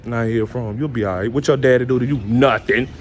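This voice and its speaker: A man's voice: mid-range voice, fast talker, a little hiss or hum. A man vlogging a casual rant to his viewers, repetitive and full of street slang.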